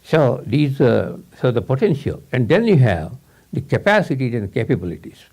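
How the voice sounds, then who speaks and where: A man's voice: mid-range voice, very animated, moderate pace, creaky, darkish tone, breathy edge. A man giving a rambling, informal talk to a small audience, repeating words and laughing often.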